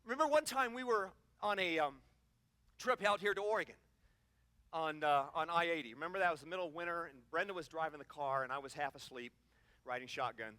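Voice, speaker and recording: A man's voice: on the high side, fast, dry recording. A middle-aged man giving an impassioned sermon at a conference, telling stories and acting out the cries in them. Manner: animated storytelling with acted-out cries. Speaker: conference speaker. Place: conference hall.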